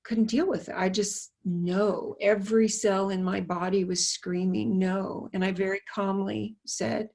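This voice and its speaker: A woman's voice: mid-range voice, fairly even intonation, unhurried, vocal fry, few pauses. A woman hosting a casual conversation who muses aloud and speaks asides to her listeners. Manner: chatty, warm asides to listeners, musing. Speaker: host.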